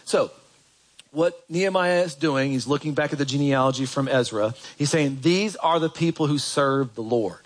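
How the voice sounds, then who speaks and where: A pastor preaches a sermon in church in a medium-pitched voice at a moderate pace. His delivery is conversational, and he poses questions to the congregation.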